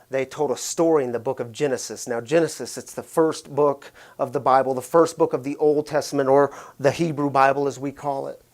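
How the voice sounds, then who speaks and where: A man in his thirties preaching a sermon, telling a family story in a chatty way and asking the listeners questions. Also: fairly high pitch. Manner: conversational, asks the listeners questions. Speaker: pastor.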